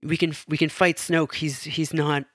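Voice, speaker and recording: A man's voice: fairly high pitch, little pitch movement, normal speed, a bit bright, no room sound, studio quality. A man voicing a weary older male smuggler pleading with his son, in an earnest, plain manner.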